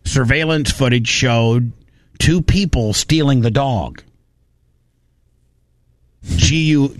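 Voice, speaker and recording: A man on a podcast, retelling a video story in casual chat, excitable, repeating words and stumbling through restarts. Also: mid-range voice, dry recording, studio quality.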